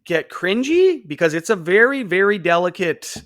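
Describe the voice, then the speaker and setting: A man in his thirties, a podcast guest telling stories casually and animatedly, jumping into high voices for quoted people. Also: big pitch swings, moderate pace, fairly bright tone, no echo, clean studio sound. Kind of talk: casual storytelling.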